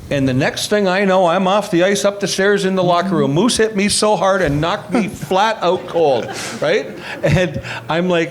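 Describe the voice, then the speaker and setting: A middle-aged man and former hockey player telling lively stories in an interview, acting out other people's lines. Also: high voice, moderate pace, hardly any pauses. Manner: animated anecdotes, acts out quoted voices. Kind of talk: storytelling interview.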